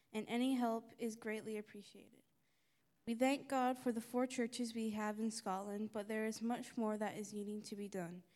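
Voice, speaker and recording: A woman with a fairly high voice reads a prepared announcement to a church congregation. Her reading is careful and earnest. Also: darkish tone. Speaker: missionary family member.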